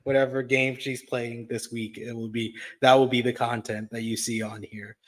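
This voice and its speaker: A man's voice: mid-range voice, moderate pace. A man with a New York accent co-hosting a casual wrestling review, bantering and reading out viewer donations. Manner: reads out donations, lively banter. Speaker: co-host.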